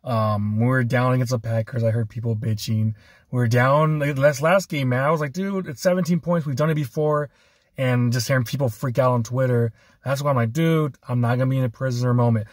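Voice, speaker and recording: A man hosting a fan podcast, talking in a relaxed, conversational way and swearing casually. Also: medium pitch, a little fast, no echo. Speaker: podcast host. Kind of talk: casual chat.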